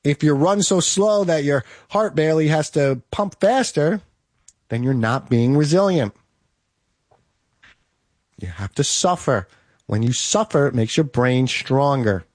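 A man's voice: fairly high pitch, lively intonation, measured pace, pauses often, darkish tone, dry recording, clean studio sound. Emphatic man giving motivational advice. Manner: emphatic, repetitive, direct to listener. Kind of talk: motivational monologue.

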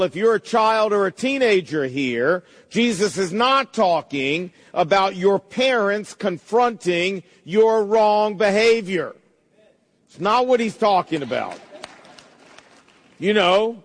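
A middle-aged man preaching a sermon, emphatic, slowing down to quote verses. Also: high voice, long reverb tail. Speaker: pastor.

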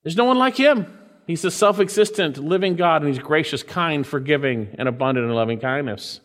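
Man, preacher, earnest sermon, slightly high voice, loud peaks and hushed drops, long hall echo. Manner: swings from loud emphatic peaks to hushed drawn-out phrases. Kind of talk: sermon reading and explaining scripture.

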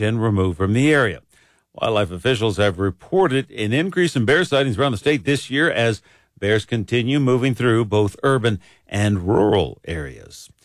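A man anchoring a radio newscast, reading headlines in a steady, measured delivery into a studio microphone. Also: on the low side, no room sound.

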